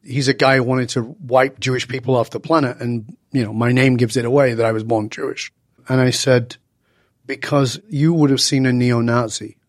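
A man in his sixties from Northern England, a guest telling stories in conversation and acting out the dialogue with lively voice changes. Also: medium pitch, moderate pace, no echo, studio quality. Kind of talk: animated storytelling in conversation.

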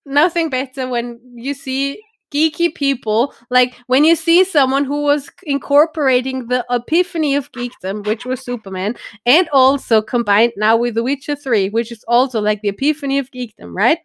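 A woman's voice: sits high, normal speed, hardly any pauses, dry recording, studio quality. A woman co-hosting a casual geek news show, talking in an enthusiastic, giggly way. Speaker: podcast co-host.

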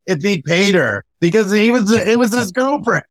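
High-voiced man reminiscing in chat. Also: lively intonation, normal speed, no room sound. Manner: reminiscing, asks and wonders aloud. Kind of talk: casual chat.

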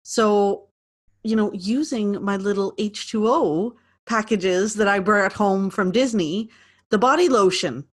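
Relaxed woman podcaster, medium pitch, casual easygoing chat. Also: measured pace. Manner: easygoing, laughs often. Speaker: podcast co-host.

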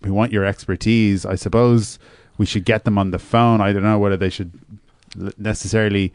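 A man hosting a comedy phone-in radio show with a deadpan, patient manner. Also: lowish voice, brisk, clean tone, no room sound, clean studio sound.

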